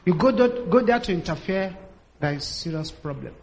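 High-voiced male preacher telling stories. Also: animated, moderate pace, gravelly. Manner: dramatic storytelling, acts out quotes, builds to shouted prayer. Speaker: pastor. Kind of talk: sermon.

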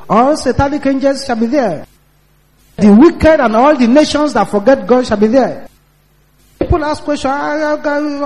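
A man's voice: high voice, darkish tone, long reverb tail, low-quality recording. A man preaching a sermon, repeating emphatic warnings to his listeners.

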